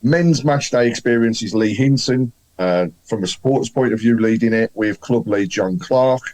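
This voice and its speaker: A man from the co-hosting a football podcast, reading out club news in a relaxed, hesitant way with fillers. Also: mid-range voice, normal speed, low-quality recording. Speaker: podcast co-host. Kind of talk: casual chat with announcements.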